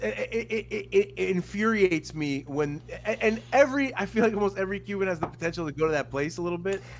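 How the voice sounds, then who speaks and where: A man co-hosting a podcast, in casual profane chat, animated and full of mimicry. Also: a little high, a little hiss or hum. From Miami. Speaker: podcast co-host.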